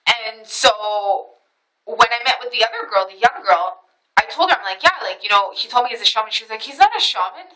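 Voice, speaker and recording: A woman's voice: a little high, a little fast, pushed and bright, poor audio. A woman vlogger telling a story in a casual monologue, emphatic and full of retold dialogue. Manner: emphatic, retells conversations with quoted dialogue.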